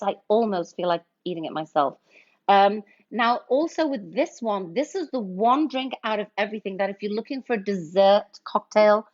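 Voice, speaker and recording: A woman hosting a casual cocktail livestream, chatting as she mixes drinks and greeting viewers with pet names like honey. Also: medium pitch. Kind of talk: casual livestream chat while mixing drinks. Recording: slightly dull lo-fi stream audio.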